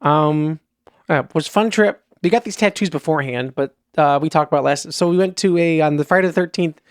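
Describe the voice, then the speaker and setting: A man's voice: fairly high pitch, brisk, smooth, no echo, studio quality. Rambling Wisconsin man telling stories. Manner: rambling storyteller, quotes people back and forth. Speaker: podcast co-host. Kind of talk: casual chat.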